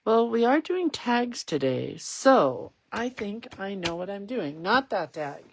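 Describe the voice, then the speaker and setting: A woman's voice: mid-range voice, sing-song, slow, husky. A woman hosting a casual crafting stream, chatting in a rambling way and reading out viewer comments as she works. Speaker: craft livestream host. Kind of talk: casual chat while crafting.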